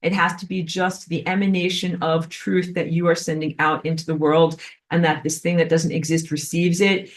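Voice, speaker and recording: A woman giving a spiritual class lecture in an animated way, filled with frequent "like". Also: on the low side, normal speed. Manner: animated, acts out quoted voices, frequent "like". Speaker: spiritual teacher.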